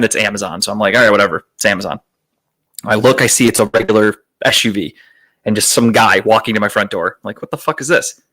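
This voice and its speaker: A man's voice: lowish voice, fairly bright tone. Rambling, swearing man telling a story. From Northeast Ohio, USA. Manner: rambling, self-deprecating, frequent swearing. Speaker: podcast host telling a story. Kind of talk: casual storytelling monologue.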